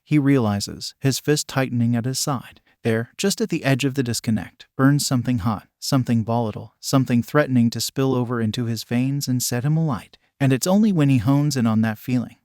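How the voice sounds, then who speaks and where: A man narrating a fan fiction story in a measured, descriptive way. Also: mid-range voice, a little mellow, dry recording, clean studio sound.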